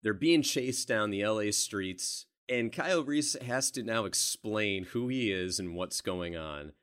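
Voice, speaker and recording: A man's voice: lowish voice, animated, unhurried, a bit bright, clean tone. A man co-hosting a casual movie podcast, telling stories animatedly and laughing along the way. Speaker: podcast co-host. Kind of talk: casual film discussion.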